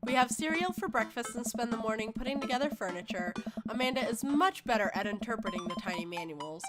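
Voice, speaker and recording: A woman's voice: on the high side, animated, fast talker, over loud music. A woman streamer reading a visual novel aloud in a casual, chatty way.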